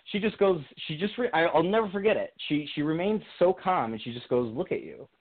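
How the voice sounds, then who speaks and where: A young man telling a personal story on a call to a radio show, thinking out loud with many restarts. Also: a little high, expressive, brisk. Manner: reflective, earnest, many restarts and fillers. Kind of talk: casual conversational storytelling. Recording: tinny phone-line sound.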